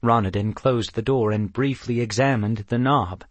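Narrating an audiobook from a script, a male voice tells the story evenly and deliberately. The pitch is medium and the recording dry.

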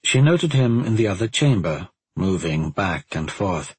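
A man reading a fantasy novel aloud in a measured storytelling manner. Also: mid-range voice, lively intonation, slightly rough, no room sound, low-quality recording. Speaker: audiobook narrator. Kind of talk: scripted narration.

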